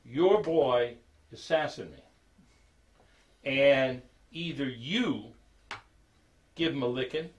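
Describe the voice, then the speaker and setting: A man voicing a gruff, domineering big man. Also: medium pitch, slow, long pauses, lightly acted. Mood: threatening. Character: big domineering white man, middle-aged.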